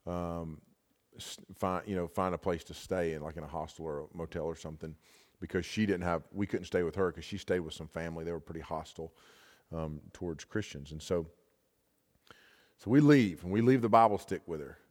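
A man's voice: low voice, a little fast, darkish tone. A male American pastor telling a story in a casual, rambling sermon full of fillers and restarts. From United States. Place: large hall at a camp session. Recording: long hall reverb.

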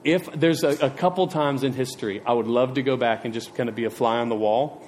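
A man's voice: mid-range voice, moderate pace, a little mellow, slight background noise. A male preacher giving a casual sermon, chatty and rambling, with self-deprecating digressions and questions to the congregation. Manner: chatty, asks the audience questions.

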